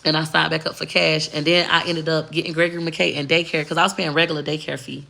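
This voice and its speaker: A woman's voice: sits low, level tone, fast, gravelly, bright, forceful tone. A woman vlogger telling a personal story in a candid, blunt and profane way. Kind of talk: casual storytelling to camera.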